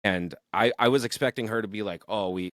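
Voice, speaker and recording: Deep-voiced man telling band stories. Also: fairly quick, no echo, clean studio sound. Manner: rambling, animated storytelling with frequent swearing. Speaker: musician guest. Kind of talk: casual podcast interview.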